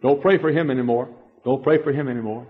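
A man preaching a sermon in an emphatic, repetitive way, swinging between quiet passages and shouting. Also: mid-range voice, quick pace. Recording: dull lo-fi recording in a reverberant hall.

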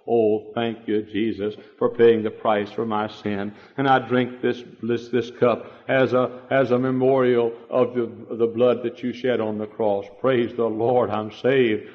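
Fiery preacher in an echoing hall. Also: male voice, mid-range voice, level tone, a little slow, few pauses. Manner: swings from hushed to shouting, repeats words. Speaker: pastor. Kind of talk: fiery sermon. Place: church sanctuary. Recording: dull old recording in a reverberant hall.

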